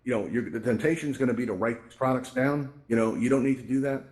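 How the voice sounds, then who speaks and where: A man's voice: mid-range voice, fast talker, darkish tone. A man, married and middle-aged, giving a casual, rambling presentation in a virtual reality space, with lots of fillers and asides. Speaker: VR event presenter. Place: virtual reality social space, headset mic.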